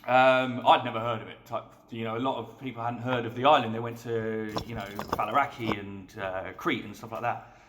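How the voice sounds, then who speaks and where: A man in his thirties, a bartender guest telling lively anecdotes in a casual chat and acting out the quotes. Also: medium pitch, echoey room, a little hiss or hum. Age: 30s. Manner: rapid, lively anecdotes with acted-out quotes and frequent laughs.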